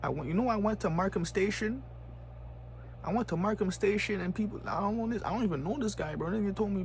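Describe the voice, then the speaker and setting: This male vlogger has a high voice and talks quickly over slight background noise. He's ranting in a heated, casual way, packed with profane slang, and keeps repeating "bro" and "you know what I'm saying."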